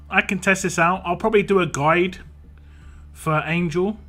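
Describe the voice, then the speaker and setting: A man's voice: high-pitched, steady tone, moderate pace, bright, forceful tone, soft background music. A man casually streaming a mobile game, reading viewer comments aloud in a playful sing-song and chatting about characters.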